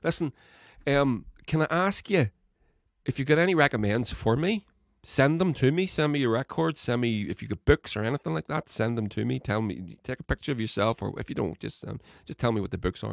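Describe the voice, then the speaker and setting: In a solo political podcast, a man swears his way through a fiery rant that escalates into yelling. His medium-pitched voice is expressive, creaky, and fairly quick, recorded dry with clean studio sound.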